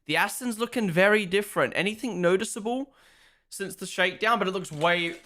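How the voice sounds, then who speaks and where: Excitable young man streaming, bright voice. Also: high voice, a little fast. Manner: excitable, chatty, swears freely. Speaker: live streamer. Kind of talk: casual live watch-along commentary. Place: home room.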